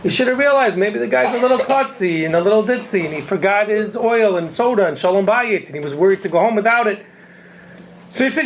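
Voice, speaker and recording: A woman telling a story to children in a lively way, acting out the people in it. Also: mid-range voice, fast talker, slight background noise, rough recording. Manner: lively, acts out the characters in the tale.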